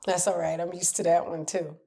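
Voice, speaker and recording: A middle-aged woman coach talking candidly to camera, animated and laughing as she acts out what people say to her. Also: fairly low pitch, a little fast, creaky. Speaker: relationship coach. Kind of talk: casual advice talk to camera.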